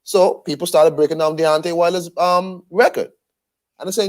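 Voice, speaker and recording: Animated man talking boxing. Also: on the high side, moderate pace. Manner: animated, incredulous, repeats himself when heated. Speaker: boxing podcast co-host. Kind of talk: casual boxing chat.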